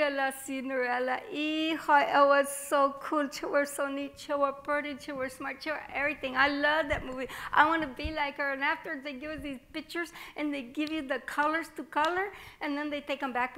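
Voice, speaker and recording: A woman's voice: high-pitched, bright, forceful tone. A woman performing a spirited Mexican-American little girl starting first grade, chatty and childlike, with a Mexican-American accent and Spanish phrases mixed in. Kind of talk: one-woman theatre monologue.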